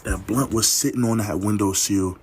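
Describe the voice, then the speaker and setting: A young man casually telling a story from his life, animated and full of slang. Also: moderate pace, a little hiss or hum. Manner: animated, slangy, swoops up to high exclamations. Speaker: vlogger.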